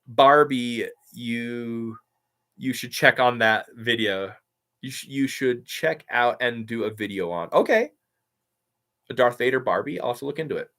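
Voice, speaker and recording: This man's mid-range voice has a sharp tone and moves at a moderate pace. He's running a live stream Q&A, replying to chat in an excited, meandering way stuffed with filler words.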